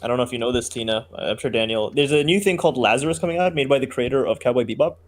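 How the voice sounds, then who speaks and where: A man's voice: medium pitch, racing. Goofy, joking man in a gaming chat. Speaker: co-host. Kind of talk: casual gameplay chat.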